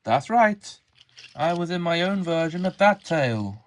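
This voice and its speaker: A man's voice: a little high, lively intonation, normal speed. A man voicing characters in a fan model-train series, trading casual banter with rambling, self-aware asides.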